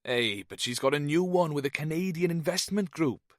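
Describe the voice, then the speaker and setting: A man voicing a jovial fifty-something Welsh man who talks in a slow, lilting way. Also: a little high, expressive, no room sound, studio quality, voice pushed up, natural voice. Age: 50s. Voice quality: lilting, slow after drinks. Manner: hearty, chatty.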